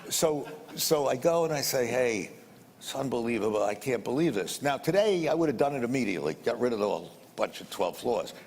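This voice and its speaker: A man's voice: medium pitch, animated, a little fast, darkish tone. An older man telling a business story in a blunt, rambling way, repeating words and swearing a little. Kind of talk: anecdotal storytelling. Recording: roomy reverb with faint background noise.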